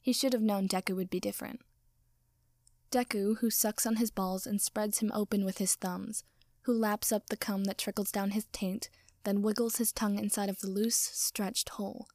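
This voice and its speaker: Woman softly reading a story, half whispering, bit of vocal fry, dry close mic. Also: medium pitch, steady tone, no echo. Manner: soft, slow, often drops to a whisper. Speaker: narrator. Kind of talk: reading fan fiction aloud.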